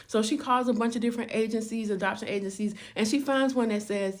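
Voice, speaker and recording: A woman's voice: on the high side, fairly even intonation, fast, few pauses. A woman telling a story in a chatty, casual way, acting out each character's lines herself.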